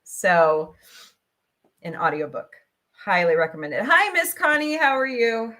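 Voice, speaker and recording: A middle-aged woman talks straight into her laptop mic at home, hosting a casual stream. She vents in an emotional, personal way, her voice in a middle pitch. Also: measured pace, pushed and bright. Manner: emotional, venting, tearful at times. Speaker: podcast host. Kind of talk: casual livestream chat. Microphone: laptop microphone.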